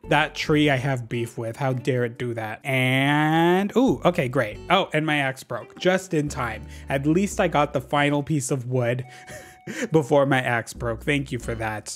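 A man's voice: medium pitch, faint music behind. A young man giving sassy, dramatic commentary over his gameplay and talking back to the characters on screen. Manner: sassy, dramatic, quick asides to the game characters. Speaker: gaming YouTuber.

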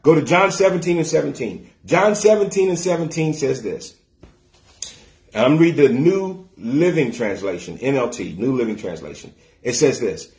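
A middle-aged man preaching a sermon as pastor, plain-spoken and colloquial, getting excited and breaking into bits of gospel song. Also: medium pitch, reverberant. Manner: excitable, shouts and sings snatches of gospel songs.

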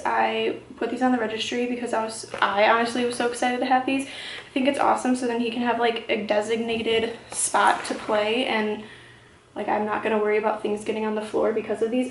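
A woman's voice: fairly high pitch, roomy sound, background noise. A heavily pregnant young woman vlogging from home, chatty and upbeat with many fillers, a little out of breath. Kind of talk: casual haul vlog.

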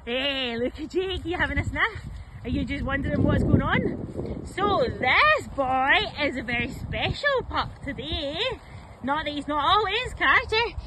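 High-voiced Scottish woman cooing at dogs. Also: animated, a little slow. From Scotland. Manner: cheerful, coos and baby-talks to the dogs. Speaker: professional dog walker. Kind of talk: outdoor vlog chat with dogs. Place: outdoors in a park or woods. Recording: noisy outdoor recording. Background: dogs barking, outdoor ambience.

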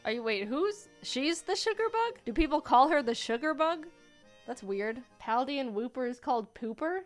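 A young woman in her twenties casually commenting while playing a video game, often jumping high when excited. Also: normal speed. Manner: excitable, squeals high at cute creatures. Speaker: gaming YouTuber. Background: faint game music.

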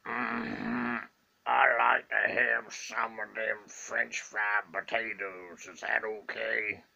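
A man doing an impression of a slow, gentle Southern man from a movie, grunting mm-hmms in a gravelly voice. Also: on the low side, level tone, heavily acted. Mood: slow, contented. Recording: dull lo-fi recording.

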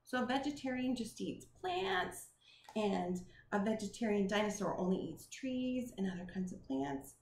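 A woman reading a picture book to children and asking them questions in an animated way. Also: medium pitch, moderate pace. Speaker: children's storytime host. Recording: roomy with faint noise.

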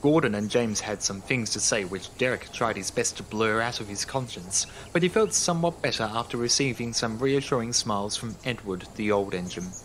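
A man reading a children's railway story as narrator, in a calm, even storybook manner. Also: lowish voice, moderate pace, hardly any pauses, a little hiss or hum. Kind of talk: scripted narration. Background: music.

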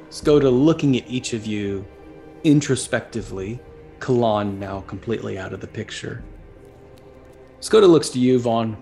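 A man's voice: mid-range voice, moderate pace, vocal fry, mellow. Man narrating a tabletop game. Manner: descriptive storytelling with character asides. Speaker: dungeon master. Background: faint background music.

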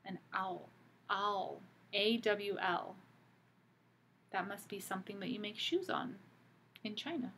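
A woman teacher reading a picture book aloud to children, pausing gently to ask them questions. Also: medium pitch, fairly even intonation, a little hiss or hum.

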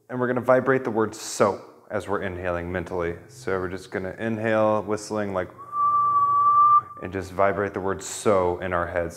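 A man teaching a live kundalini yoga class, giving relaxed, gentle instructions with light humor. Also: low-pitched, a little fast.

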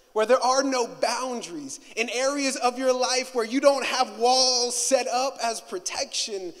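A male pastor preaching a sermon in a church. He moves between hushed, slow reflection and loud, rising preaching, and he often repeats words and restarts phrases. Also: very high voice. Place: church sanctuary. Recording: long hall reverb.

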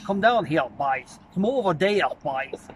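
A man's voice: sits high, expressive, measured pace, slight background noise, voice pushed up. A man putting on an easygoing man with a north Tipperary accent, calling out to the lads. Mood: hailing.

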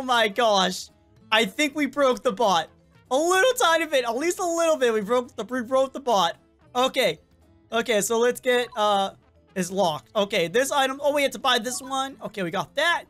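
A woman giving chatty, excitable game commentary and talking to the characters, her voice worn and cracking with a cough. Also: high-pitched. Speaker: gameplay commentator.

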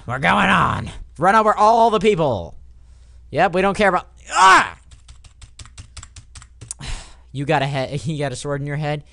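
A young man doing casual let's play commentary, swearing and yelling at the game, then dropping to a quiet mutter. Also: on the high side, animated, moderate pace, gravelly, no room sound. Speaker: gamer.

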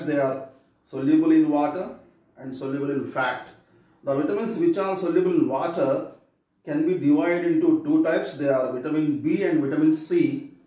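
A male teacher with a mellow, fairly high voice methodically goes over exam answers, spelling words out letter by letter. The room is echoey and he's far from the mic.

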